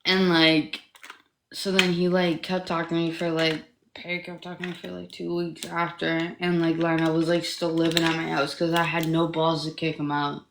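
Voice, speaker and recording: A woman's voice: low-pitched, flat delivery, normal speed, creaky, a bit bright, echoey room, slight background noise. A young woman in her twenties from Canada, telling a personal story in casual livestream chat, rambling and profane, with constant fillers like "like". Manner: rambling, profane, heavy use of "like".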